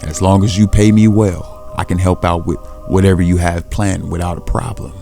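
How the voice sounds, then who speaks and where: A man voicing a greedy, defiant young female thief in a plain, flat reading for a comic recap. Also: low voice, moderate pace, gravelly, faint music behind.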